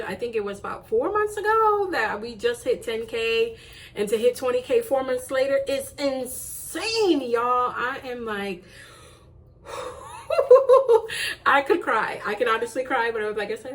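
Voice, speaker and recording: A woman vlogger talks straight to the camera in a casual, gushing way, piling up thanks and repeating herself. Her voice sits a little on the high side. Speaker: YouTube channel host. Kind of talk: casual vlog chat to camera.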